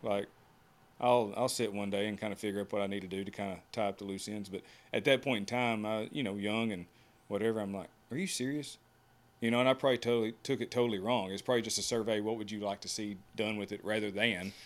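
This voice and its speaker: A man's voice: on the low side, steady tone, fast talker. A man who works as a horseshoer, telling casual stories as a podcast guest and acting out the lines of others. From United States. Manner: folksy, acts out quotes. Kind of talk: casual storytelling.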